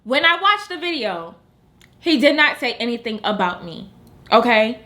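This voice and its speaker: A woman's voice: fairly high pitch, big pitch swings, normal speed, pushed and bright. A young woman, the host's best friend, telling her side of a story in an emphatic, slangy way with some swearing. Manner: emphatic, slangy and profane, talks straight to viewers. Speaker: guest, best friend of the host. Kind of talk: casual storytime chat.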